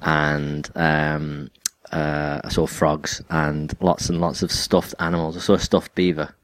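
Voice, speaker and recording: A man in casual podcast chat with a very low, deep voice. He tells stories wryly and drily, and the sound is close and dead with no room echo. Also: level tone, unhurried. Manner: chatty, wry, storytelling. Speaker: podcast co-host.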